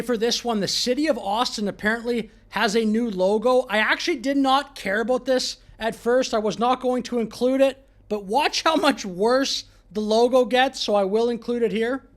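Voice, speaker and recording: A man's voice: very high voice, normal speed. A man hosting a political commentary show, talking over clips in a mocking, exasperated way. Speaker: commentary channel host.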